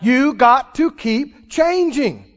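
A man with a very high voice preaches a sermon at an unhurried, deliberate pace, pressing his congregation with questions. The recording is dull and lo-fi. His voice rings out with a long hall reverb. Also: lively intonation, a bit bright. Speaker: pastor.

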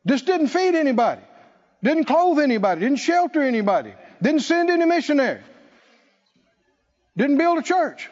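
A man's voice: very high-pitched, very animated, moderate pace, long pauses, a little mellow. A man preaching a sermon as pastor, with emphatic delivery that repeats key phrases for his congregation. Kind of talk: sermon with call-and-response. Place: church sanctuary. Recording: dull lo-fi recording with long hall reverb.

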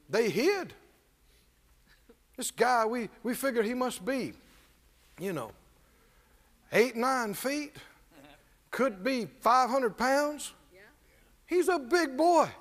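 A man's voice: extremely high pitch, big pitch swings, slow pace, long pauses. A man preacher delivering a sermon with call-and-response and humorous, folksy storytelling. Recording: reverberant church hall.

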